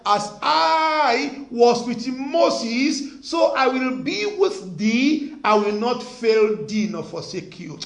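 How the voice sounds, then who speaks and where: A pastor delivers a sermon in a strikingly high, animated voice that rises and falls widely. He is emphatic, hammering phrases again and again and throwing questions at the congregation. The sound carries a roomy echo. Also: takes it slowly, creaky, hardly any pauses. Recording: echoey room.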